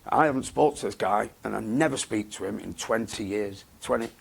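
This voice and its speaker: A man, talking bluntly and haltingly in a candid interview, often repeating himself. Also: lowish voice, vocal fry, husky. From England. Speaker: interview guest.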